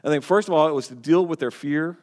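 A man's voice: a little high, fast talker, a little mellow. A man preaching a sermon as pastor, earnest and emphatic, often restarting words and phrases. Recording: long hall reverb.

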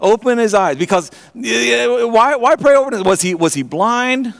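A man preaching a sermon, retelling a story in an animated way, often restarting his phrases and asking his listeners direct questions. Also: extremely high pitch, normal speed, vocal fry. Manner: animated storytelling with frequent repeated starts; asks the audience direct questions.

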